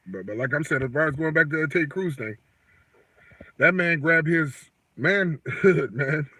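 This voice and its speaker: A man co-hosting a livestream, telling a story in animated casual chat and acting out the quotes. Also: fairly high pitch, unhurried, no room sound. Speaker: livestream co-host.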